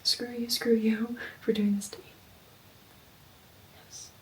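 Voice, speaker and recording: A woman's voice: a little high, level tone, slow pace, a little hiss or hum, low-quality recording. A young woman vlogger whispering her gasping, gushing reactions to a book late at night before bed. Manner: gasping, gushing, says like a lot.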